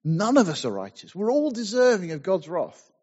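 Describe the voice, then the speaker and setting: An earnest male preacher with a voice pitched a little high, working through scripture verse by verse and stopping to stress the point. The recording is dull and lo-fi. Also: huge pitch swings, moderate pace, darkish tone, husky. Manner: earnest, reads scripture aloud in King James wording; explains passages with emphatic asides. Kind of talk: sermon with scripture reading.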